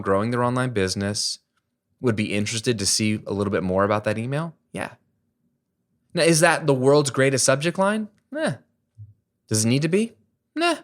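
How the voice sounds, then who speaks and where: A man speaking at an everyday mid-range pitch, coaching his viewers in a casual, chatty tone. He drives his points home with emphatic rhetorical questions. Now and then he slips in a self-deprecating aside. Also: expressive, normal speed. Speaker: online business coach. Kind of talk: casual teaching to camera.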